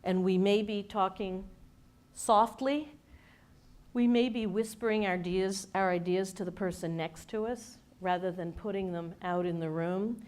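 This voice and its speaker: Woman coach giving a live talk to a room, emphatic, funny, pitch right in the middle. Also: measured pace. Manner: animated, emphatic, wry humor. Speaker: leadership speaker and coach. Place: event space with a studio audience.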